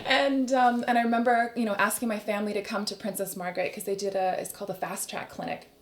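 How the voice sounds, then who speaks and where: A woman in her thirties talks quickly, her words tumbling out as she tells her own story as a podcast guest. Her voice sits at an ordinary middle pitch. She slips into the voices of the people she quotes and often laughs between lines. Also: little pitch movement. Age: 30s. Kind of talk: candid storytelling interview.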